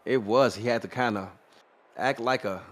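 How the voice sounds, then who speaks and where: A man giving color commentary on a virtual football broadcast, breaking down plays in a relaxed, conversational way. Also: medium pitch, normal speed, a little hiss or hum. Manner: conversational analysis with casual asides and small laughs. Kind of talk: live sports color commentary.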